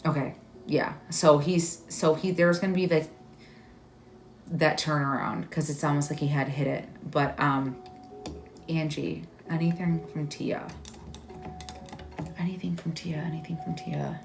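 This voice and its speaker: A woman hosting a live stream as a psychic medium, giving readings in a halting, searching way full of "like"s and growing emotional. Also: sits low, fairly even intonation, faint music behind. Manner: halting, searching delivery with many "like"s; emotional, tearful at moments.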